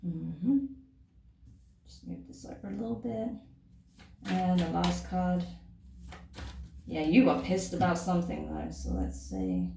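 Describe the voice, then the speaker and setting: A woman's voice: lowish voice, lively intonation, takes it slowly, vocal fry, long pauses, warm tone, far from the mic, a little hiss or hum. A woman giving a casual tarot reading, chatting to the listener and often checking in with "okay?" and "right?". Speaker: tarot reader. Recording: echoey room, voice off-mic.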